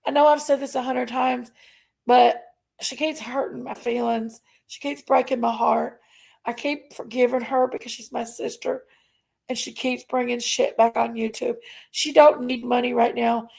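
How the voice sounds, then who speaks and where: A woman's voice: on the high side, little pitch movement, normal speed, creaky, a little mellow, breathy edge. A woman chatting casually on a livestream, reading out viewer names and thanking members. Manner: reads out viewer names, thanks members, vents about her sister. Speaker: livestream host.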